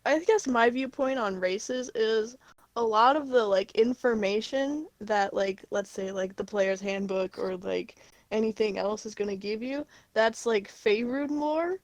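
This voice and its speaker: Easygoing co-host, a woman from Illinois, higher voice, close and dry. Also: unhurried, dry recording. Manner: easygoing, laughs along, filler "like". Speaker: podcast co-host. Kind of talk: casual chat.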